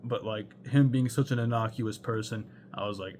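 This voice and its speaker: A man's voice: fairly low pitch, steady tone, moderate pace, background noise. A young man telling a rambling storytime anecdote, full of fillers and swearing. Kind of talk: casual storytime monologue.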